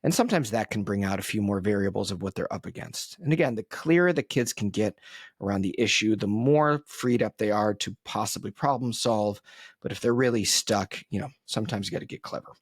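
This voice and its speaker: A man with a somewhat low, husky voice talks through his podcast on his own, thinking aloud with plenty of ums and side remarks. The sound is dry and close, with no room around it. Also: a little fast, dry recording. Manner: conversational, frequent ums and asides, reflective. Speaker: podcast host. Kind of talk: solo podcast commentary.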